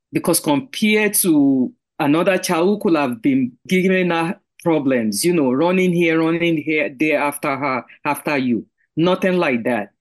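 A woman hosting a podcast over a video call, effusive and full of praise for her guest. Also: low-pitched. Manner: warm, effusive. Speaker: podcast host. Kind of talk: casual chat on a video call.

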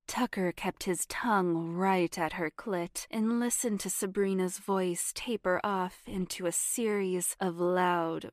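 A woman narrating an erotic story in a soft, half-whispered, sensual voice on a close mic. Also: fairly low pitch, dry recording.

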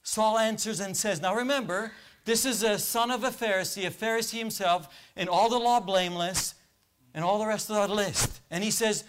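A man's voice: sits high, fairly quick. A man preaching a sermon in a church, asking the congregation questions and waiting for their answers. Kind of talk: interactive sermon.

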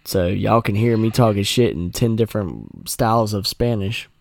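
A man's voice: lowish voice, very animated, normal speed, vocal fry, a little mellow, dry recording. A man hosting a podcast, rambling and swearing in casual chat. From North Carolina. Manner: rambling, profane, joking. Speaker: podcast host.

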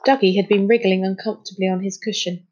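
A woman reading a children's storybook aloud in a steady, even-paced narration. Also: medium pitch, quick pace, dull audio, slight background noise. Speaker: storybook reader. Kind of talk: scripted narration.

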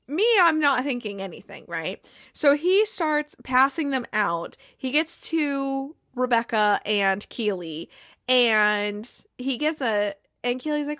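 Chatty, high-voiced woman recapping TV. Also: unhurried, dry recording, clean studio sound. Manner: chatty and animated, swears freely, acts out characters' lines. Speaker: TV episode recapper. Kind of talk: casual episode recap.

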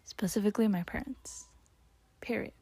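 A woman's voice: mid-range voice, moderate pace, vocal fry, heavy background noise. A young woman hosting a casual solo podcast, chatting and rambling through her old written notes with lots of fillers. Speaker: podcast host.

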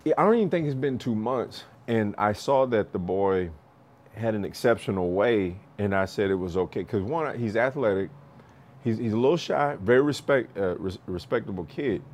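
Lively, storytelling male boxing coach. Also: fairly low pitch, moderate pace. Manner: animated, laughs often, acts out other people's lines; swears freely, loose restarts. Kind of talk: casual storytelling podcast talk.

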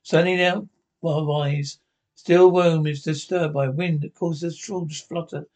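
A man reading aloud a fan-written scene description of a TV episode, halting and often stumbling and repeating words. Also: a little high, steady tone, a little mellow. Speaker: narrator.

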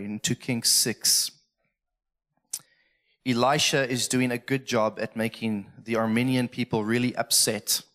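A middle-aged man delivers a sermon in a church. He talks casually and from the heart, and gets emotional about the scripture. His voice sits at an ordinary male pitch. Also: fairly bright tone. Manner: earnest, emotional, conversational preaching. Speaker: pastor. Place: church stage.

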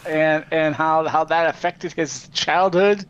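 A man's voice: on the high side, steady tone, takes it slowly, a little hiss or hum. A man playing in a tabletop game, speaking hesitantly and restarting his sentences. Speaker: player. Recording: dull lo-fi audio.

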